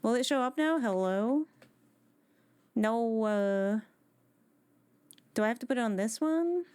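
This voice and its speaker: A woman's voice: on the high side, expressive, a little slow, darkish tone, clear, resonant tone. A woman live streaming from home on a desk microphone, chatting casually with her viewers and greeting them one by one.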